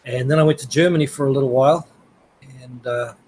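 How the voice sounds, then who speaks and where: A man's voice: medium pitch, fairly even intonation, fast, a little mellow, a little hiss or hum, poor audio. A man from New Zealand, a guest telling rambling travel stories in a casual interview, laughing now and then.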